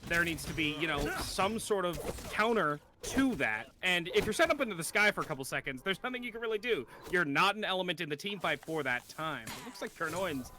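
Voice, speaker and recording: High, lively male esports analyst. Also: fairly quick, few pauses, slight background noise. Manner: analytical, rises to excited shouts on plays. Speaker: color commentator. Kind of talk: esports commentary.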